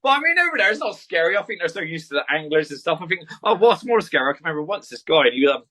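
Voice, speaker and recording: A man chatting as a podcast guest, telling rambling, animated stories with the odd swear word. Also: on the high side, racing. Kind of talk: casual chat.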